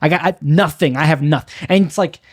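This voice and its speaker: A man's voice: on the high side, brisk, dry recording, clean studio sound. A young man doing a confessional stand-up monologue, rambling and bitter, mocking himself with frequent restarts. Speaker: stand-up comedian.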